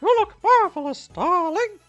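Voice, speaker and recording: A man voicing a flirtatious male stage puppet in a high put-on falsetto, gaming with a mic. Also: expressive, normal speed, a bit bright, lo-fi sound, soft background music. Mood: flirty.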